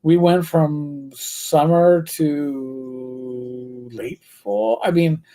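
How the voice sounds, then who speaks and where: A man's voice: on the high side, extremely slow, warm tone. Older man hosting a casual chat. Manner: joking and profane, tells stories with lots of restarts. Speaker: show host. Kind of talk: casual live-stream chat.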